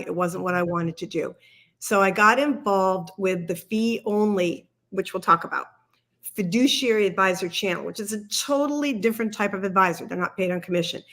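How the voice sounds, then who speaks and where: A woman's voice: mid-range voice, fairly bright tone. A middle-aged woman, a company founder, explaining her career with enthusiasm as a livestream guest. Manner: enthusiastic, explanatory, often says "like" and "really". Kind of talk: casual livestream chat.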